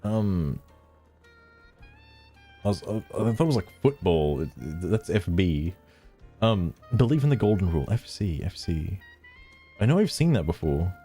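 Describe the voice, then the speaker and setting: A man's voice: low-pitched, sing-song, unhurried, pauses often, warm tone, faint music behind. Sarcastic laughing streamer man. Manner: sarcastic, laughing, mocking voices when reading. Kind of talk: casual commentary reading social media posts.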